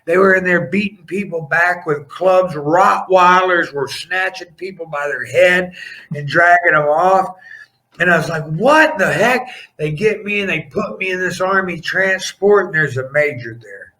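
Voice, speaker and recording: A middle-aged man, a former pro wrestler, telling rambling, animated anecdotes in a casual interview, laughing and restarting as he goes. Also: high-pitched, normal speed, rough recording.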